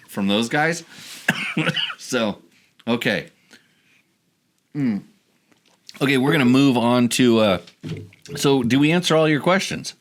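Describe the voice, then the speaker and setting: A man's voice: mid-range voice, expressive, slow, pauses often, a little hiss or hum. A man hosting a casual podcast chat, rambling and restarting his sentences as he goes. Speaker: podcast host.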